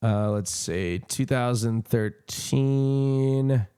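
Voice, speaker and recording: A man's voice: mid-range voice, very slow, warm tone, clean tone. A man in his thirties telling a personal story on a stream. He rambles with many fillers, laughs and swears. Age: 30s.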